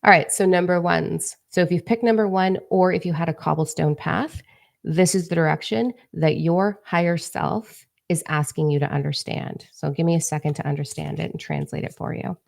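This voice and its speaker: A woman with a low, gravelly voice full of vocal fry. She livestreams from her phone as a spiritual coach. She talks in a brash, emphatic and profane way. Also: steady tone, normal speed. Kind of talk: livestream talk to viewers.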